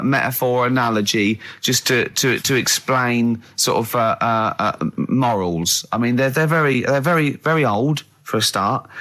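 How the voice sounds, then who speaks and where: A man's voice: mid-range voice, a bit bright. A man hosting a radio show, explaining things casually with lots of ums and uhs. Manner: hesitant, explaining with many fillers. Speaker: radio host. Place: radio studio.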